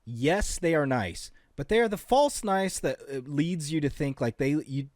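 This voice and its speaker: A man's voice: fairly high pitch, big pitch swings, moderate pace, darkish tone, no echo, studio quality. A man co-hosting a podcast, riffing with crude, rambling jokes. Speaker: podcast co-host. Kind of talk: casual comedic banter.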